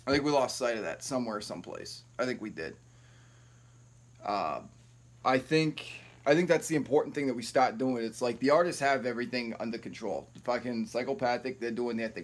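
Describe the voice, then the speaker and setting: A man's voice: mid-range voice, expressive, brisk. A man hosting a live stream, ranting in a rambling, profane, heated way.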